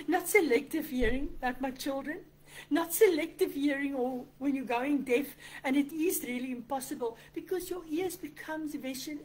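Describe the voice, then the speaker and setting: A woman's voice: sits high, a little mellow, poor audio. A woman pastor, preaching an online sermon in an earnest, conversational way, often voicing quoted prayers. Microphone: computer microphone.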